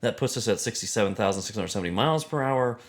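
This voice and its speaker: A man's voice: lowish voice, expressive, fast. A man doing an impression of a famous astrophysicist, lecturing a traffic cop through the math step by step. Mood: pedantic. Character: impression of a famous male astrophysicist, polite and pedantic.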